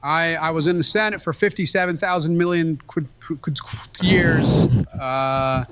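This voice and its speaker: A man's voice: fairly high pitch, fairly even intonation, moderate pace, fairly bright tone, clean tone, no echo, close to an everyday voice. A man putting on a rambling elderly male politician impression, stammering and mixing up his words. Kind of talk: comedic gameplay voice impression.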